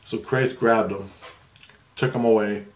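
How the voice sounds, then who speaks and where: A man's voice: lowish voice, steady tone, a little slow. A man telling a long personal story in a meandering, self-correcting way, often breaking into laughter. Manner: meandering, full of restarts and frequent laughter. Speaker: paranormal vlogger.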